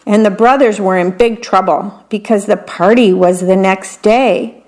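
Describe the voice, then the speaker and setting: A woman's voice: mid-range voice, measured pace, darkish tone. A woman reading a picture book aloud, stopping to comment on what each picture shows. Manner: adds chatty commentary on the pictures. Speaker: story reader.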